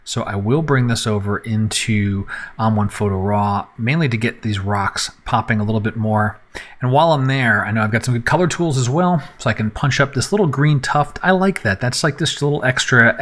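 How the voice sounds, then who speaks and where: A man's voice: mid-range voice, fairly bright tone. A man, possibly middle-aged, talking through a photo edit live and unscripted, thinking aloud step by step with frequent fillers. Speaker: photographer teaching photo editing. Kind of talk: unscripted live screen-recorded editing tutorial.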